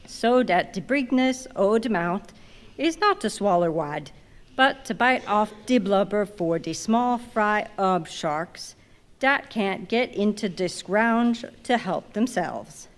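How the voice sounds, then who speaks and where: A woman voicing an old ship's cook preaching slowly. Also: mid-range voice, animated. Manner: drawling dialect sermon, slow and emphatic. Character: grumbling ninety-year-old male ship's cook preaching. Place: large museum reading hall. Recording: long reverb in a big hall.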